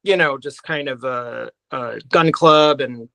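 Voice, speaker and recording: A man, a guest musician, answering in a halting way full of pauses and restarts. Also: mid-range voice, gravelly, pushed and bright, dry recording, rough recording. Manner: halting, many fillers and restarts. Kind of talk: casual interview chat.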